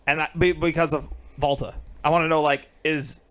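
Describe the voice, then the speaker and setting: A man's voice: fairly high pitch, flat delivery, fairly quick, fairly bright tone, a little hiss or hum. A man co-hosting a casual podcast, rambling and restarting his sentences as he chats. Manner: rambling, lots of fillers and restarts, laughs easily. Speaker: podcast co-host. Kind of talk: casual chat.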